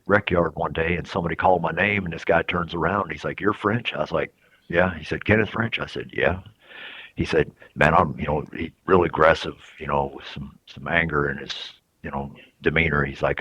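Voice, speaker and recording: A man giving reflective interview answers in a halting, soft-spoken way with many restarts. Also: a bass voice, husky, dry recording. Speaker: incarcerated interviewee. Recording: dull lo-fi recording.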